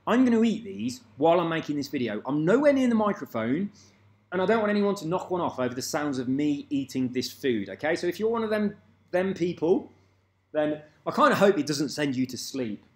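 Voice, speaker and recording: At home and drifting away from the mic, this video commentator rambles loosely and curses casually. His voice is a little high with big pitch swings, fairly quick, and the sound is roomy.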